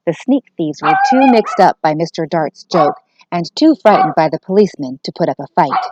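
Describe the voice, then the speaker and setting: A woman teacher reading a children's book aloud, expressive and aimed at young listeners. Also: on the low side, moderate pace, a little hiss or hum, poor audio.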